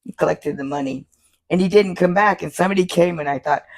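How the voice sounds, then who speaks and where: Gravelly older woman telling stories. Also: on the low side, fast talker. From Florida. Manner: animated, laughs often, acts out quoted voices. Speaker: tattoo artist guest. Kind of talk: casual storytelling interview.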